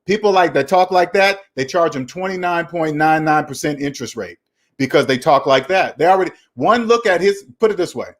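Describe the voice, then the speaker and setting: A man's voice: a little high, expressive, brisk. A man hosting a casual finance talk, lecturing emphatically and repeating his points. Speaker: finance channel host.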